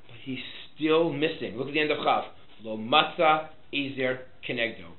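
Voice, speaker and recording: A man, a rabbi, teaching a Torah class, quizzing his students and swinging between loud and soft. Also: mid-range voice, moderate pace, reverberant, narrow, tinny audio.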